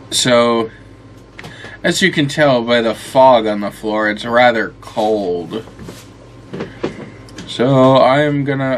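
Sleepy, slow-talking gamer guy. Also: mid-range voice, a little hiss or hum. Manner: rambling, swears a lot, talks to the game. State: tired and yawning. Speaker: gameplay commentator. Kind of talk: casual let's-play commentary.

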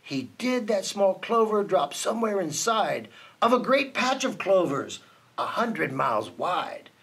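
Slow, expressive man reading a storybook. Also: sits high, gravelly, breathy edge. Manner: expressive, rhythmic rhyming delivery. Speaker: storybook reader. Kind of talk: children's storybook read-aloud.

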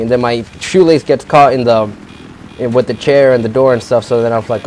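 A teenage guy tells a vlog story as a heated rant, cursing freely and rambling through fillers and restarts. His voice sits at an ordinary male pitch. A faint hum of background noise sits under the recording. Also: fairly quick, darkish tone. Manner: profane, rambling, lots of fillers. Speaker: vlogger.

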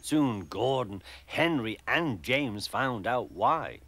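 A man narrating a children's storybook with gentle, expressive storytelling. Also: medium pitch, takes it slowly. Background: music.

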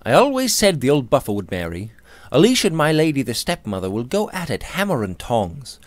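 A man reading the part of an easygoing young English gentleman, with a drawling, indifferent and mildly amused manner. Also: mid-range voice, wildly swooping pitch, fairly quick, no room sound, pitched above the performer's own voice. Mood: lazy musing.

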